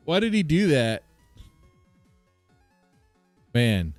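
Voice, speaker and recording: A man's voice: mid-range voice, expressive, moderate pace, darkish tone, dry recording. A man streaming live, reacting with bemused chatter to his viewers and stammering when surprised. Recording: dry close mic with faint guitar music.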